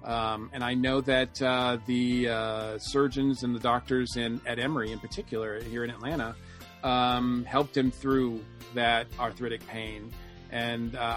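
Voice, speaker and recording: A man co-hosting a podcast, speaking casually with many halting ums. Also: medium pitch, a bit bright. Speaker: podcast co-host. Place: Atlanta area.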